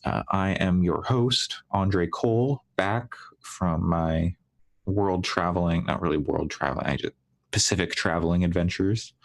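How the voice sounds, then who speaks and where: Podcast host, male, deep gravelly voice, dry humor. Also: measured pace. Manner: dry, teasing. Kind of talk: casual gaming podcast chat.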